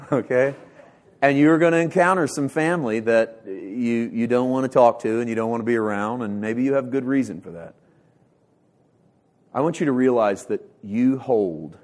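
A male pastor delivering a sermon with passion, swinging from loud bursts to hushed lines and repeating words as he builds emphasis. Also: on the low side. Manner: impassioned preaching with sharp swings from loud to hushed.

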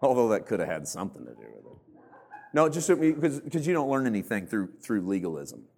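A man's voice: fairly low pitch, huge pitch swings, fast, darkish tone. A man preaching a sermon as pastor in a church, joking and mocking himself while acting out churchgoers. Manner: humorous, self-mocking, acts out church members in put-on voices.

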